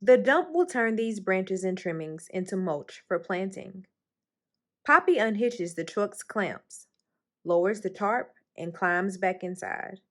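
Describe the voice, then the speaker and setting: A woman reads a picture book to children at storytime, her middle-pitched voice staying steady and slow through the narration. She's expressive, lifting her voice high and bright each time a character talks.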